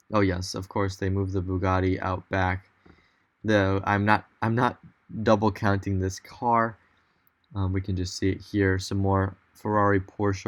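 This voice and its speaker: A young man with a fairly low voice talks through a virtual walk-around as a voice-over. He sounds keen and loose, thinking aloud and correcting himself as he goes. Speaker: car vlogger. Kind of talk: casual tour narration.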